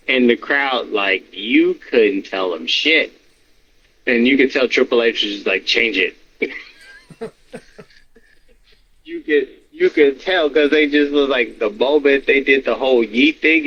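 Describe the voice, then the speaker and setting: Dude ranting on a podcast, cussing, squeaks when he acts stuff out, kinda dull audio with faint hiss. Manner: animated, swearing, acts out reactions in high yelps. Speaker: podcast co-host. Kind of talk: casual wrestling chat. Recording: slightly dull with faint noise.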